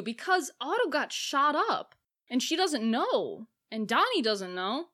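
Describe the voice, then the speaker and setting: Animated bright woman recapping a film. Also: sits high, unhurried. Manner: animated, acts out characters' lines. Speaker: podcast co-host. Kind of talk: casual film recap chat.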